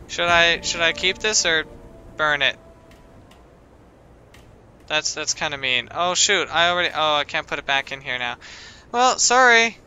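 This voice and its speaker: A man playing a video game and commenting casually. He talks to the game, flipping between shouting at it and muttering to himself. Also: on the high side, normal speed, pauses often, clean tone, muffled recording. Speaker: let's play gamer. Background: game music.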